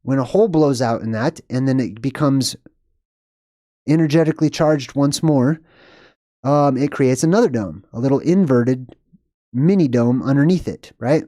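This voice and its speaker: A young man hosts a live stream in a warm, mid-range voice at a moderate pace, captured in clean studio sound with no room reverb. He chats casually and rambles while reading out viewer comments, laughing at himself.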